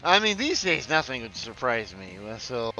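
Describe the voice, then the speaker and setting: A man streaming casually, chatty and quick to laugh, swearing freely and stumbling as he reads news and chat aloud. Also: medium pitch, sing-song, sharp tone, soft background music.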